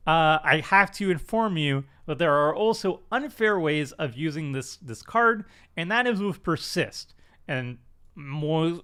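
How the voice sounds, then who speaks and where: A man's voice: sits high, a bit bright, smooth. A man hosting a card game stream, talking casually with lots of fillers and restarts in a chatty, self-deprecating way. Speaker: commander stream host. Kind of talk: casual card review chat.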